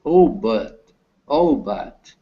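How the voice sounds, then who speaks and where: A man learning English, reading a text aloud over a video call with halting restarts. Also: on the low side, big pitch swings, slightly rough. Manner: halting, restarts words, careful slow reading. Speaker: language student. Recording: dull lo-fi call audio.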